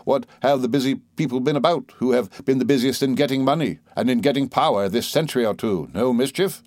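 A man's voice: mid-range voice, a little fast, darkish tone, dry recording, natural voice. A man voicing a grave, cautious middle-aged male lawyer who talks in a pointed, hesitant way. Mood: wry.

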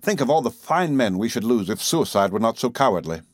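A man narrates a story in a mid-pitched voice that swings freely up and down. He lifts his pitch to voice each character in the dialogue. The recording is close and dry, with no room sound. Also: very animated, a little fast, no room sound. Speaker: audiobook narrator. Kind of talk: scripted narration with acted dialogue.

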